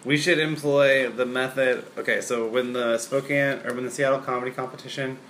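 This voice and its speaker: Young guy w bright punchy voice, joking around rambly w comedian buddies, faint hiss. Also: mid-range voice, fairly even intonation, fairly quick. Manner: joking, self-deprecating, loose and rambling. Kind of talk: casual chat among comedians.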